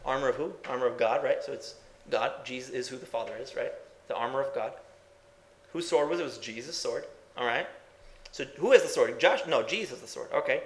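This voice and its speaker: A man's voice: mid-range voice, fairly quick, reverberant. A man preaching a sermon in a folksy, emphatic way. He asks the congregation questions and then answers them himself. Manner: folksy, says "ain't", builds to emphatic bursts.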